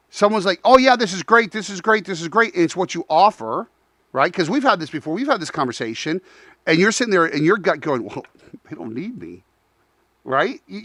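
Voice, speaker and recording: A man hosting a talk show, telling a story in a lively, animated way, acting out both sides of a conversation and talking straight to his audience. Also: high-pitched, no echo. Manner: frequent restarts, addresses audience as y'all.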